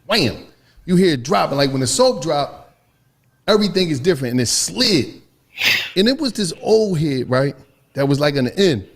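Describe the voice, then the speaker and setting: A young man telling a comedic story in casual chat, animated and acting out his own past voice. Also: a little high, moderate pace, pauses often. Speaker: storyteller on a podcast panel.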